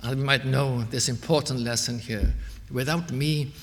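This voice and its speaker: A man preaching a sermon earnestly, swelling to emphatic peaks and then dropping soft. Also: mid-range voice, flat delivery, moderate pace, big-room sound.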